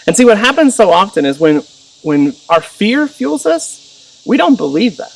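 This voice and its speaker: A man in his thirties preaching a sermon as pastor, animated and acting out the voices of others. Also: normal speed. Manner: animated, acts out voices with rising pitch. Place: church sermon recording. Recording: voice a little distant from the mic.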